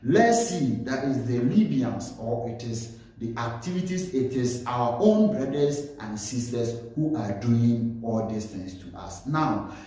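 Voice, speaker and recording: A man giving earnest commentary as a vlogger, speaking slowly and repeating himself to stress his points. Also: medium pitch, animated, warm tone. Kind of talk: earnest spoken commentary to camera. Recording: very echoey room.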